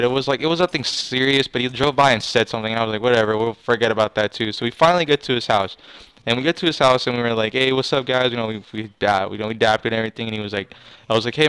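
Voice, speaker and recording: Young guy rambling through a story, smooth voice, dry close sound. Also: mid-range voice, fairly bright tone, no echo, poor audio. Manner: rambling, full of restarts and swearing. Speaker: vlogger. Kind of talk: casual storytelling.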